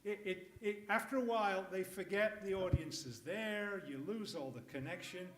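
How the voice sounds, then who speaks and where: A man's voice: high-pitched, moderate pace, noisy background. A man teaching public speaking to a live audience in a workshop, emphatic and jokey. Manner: lively, emphatic, jokey asides. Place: conference room. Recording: echoey room.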